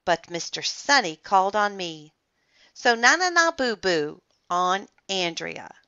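A woman reads a children's chapter book aloud with playful, expressive delivery and a lively, bright voice. She takes her time with each line. The recording is dry and a little muffled. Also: mid-range voice, unhurried, clear, resonant tone. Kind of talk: storybook read-aloud.

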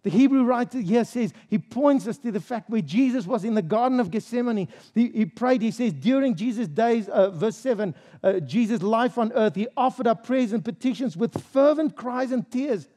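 A man's voice: very high-pitched, expressive, normal speed, hardly any pauses, dark tone. A male pastor preaching a sermon in a church service, stressing his points with rhetorical questions and repeated phrases.

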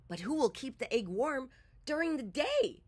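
A woman's voice: sits high, very animated, moderate pace, darkish tone, pitched above the performer's own voice. A woman voicing a bossy mother hen who has hatched many eggs, in a storybook read-aloud.

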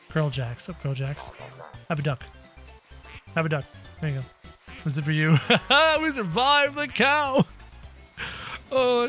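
A man giving excitable gameplay commentary with role-play, often breaking into shouts. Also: sits high. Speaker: gamer playing as a character.

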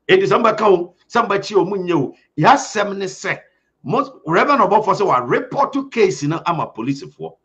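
A man's voice: high voice, fairly bright tone. A man with a Ghanaian accent giving impassioned, urgent commentary as a host, speaking emphatically. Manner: urgent and emphatic, mixing Twi and English. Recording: dull lo-fi sound.

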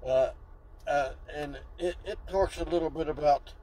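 A man's voice: fairly high pitch, measured pace, dark tone, low-quality recording. A man preaching a sermon, exclaiming and drawing out key words for emphasis.

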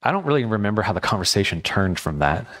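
A man's voice: lowish voice, sing-song, brisk, fairly bright tone. A male pastor preaching a sermon, earnest and impassioned, telling personal stories. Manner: storytelling with personal anecdotes. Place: church.

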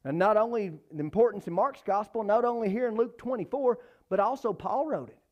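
A man preaching a church sermon, emphatic, repeating phrases and swinging between loud and soft. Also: fairly quick, muffled recording. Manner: emphatic, repeats phrases, rises and falls in pitch and volume.

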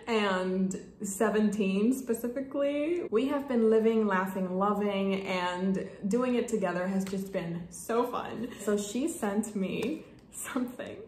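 A woman's voice: mid-range voice, darkish tone. A young woman vlogging an unboxing of gifts, gushing, squealing and laughing as she opens them. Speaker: book vlogger. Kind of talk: casual unboxing vlog. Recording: echoey room, faint room noise.

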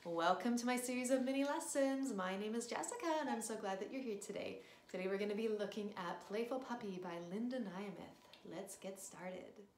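A woman's voice: mid-range voice, a little fast, few pauses. A young woman teaching a short piano lesson, upbeat and encouraging, speaking straight to the student between played passages. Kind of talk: friendly mini lesson with piano demonstrations. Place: room with a piano. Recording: echoey room with loud piano.

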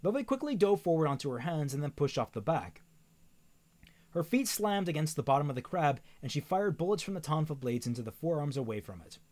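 Man reading a novel aloud, animated, stumbles and self-corrects, wry comments. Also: a little high, a little fast.

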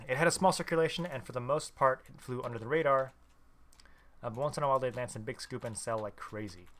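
A man casually reading a visual novel aloud as a let's player, with quick reactions of his own. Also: medium pitch, a bit bright. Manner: casual, swears in surprised reactions.

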